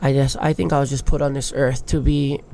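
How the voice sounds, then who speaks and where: A man in his thirties from Hawaii, a big wave surfer, gives candid podcast storytelling about his life, emotional and casually sweary. He talks briskly at medium pitch with a level tone, creaky yet a little mellow, against slight background noise.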